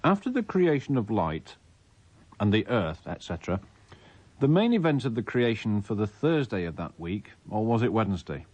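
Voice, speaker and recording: A man's voice: fairly low pitch, sing-song, normal speed, a little mellow, muffled recording. A man, a radio host reading a listener's letter aloud in a mock-solemn, theatrical way.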